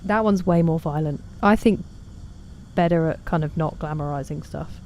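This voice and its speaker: A woman chats through a game stream, talking to her viewers and teasing herself. Her voice sits low and mellow, with a faint hiss underneath. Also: moderate pace. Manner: chatty, self-deprecating, reads out chat messages. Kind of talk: casual gaming stream chat.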